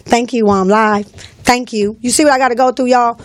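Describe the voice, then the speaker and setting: Her voice is fairly high, steady, and fairly quick as she hosts a live call-in show over a studio microphone. The talk is casual live-stream banter, delivered in a bossy, teasing, slang-heavy manner.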